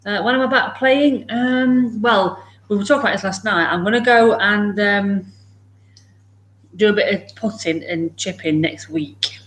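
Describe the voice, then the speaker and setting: A woman's voice: medium pitch, unhurried, a bit bright. A woman chatting casually at home on a morning livestream, greeting viewers by name, laughing often and talking to her dogs. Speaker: livestream host.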